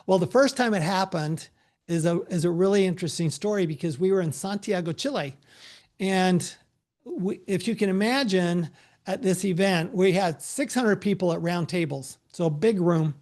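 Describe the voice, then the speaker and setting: A man's voice: high-pitched, normal speed. Middle-aged man telling stories. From United States. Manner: storytelling, relaxed, frequent restarts. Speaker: tax advisor presenting a seminar. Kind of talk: conversational presentation with anecdotes.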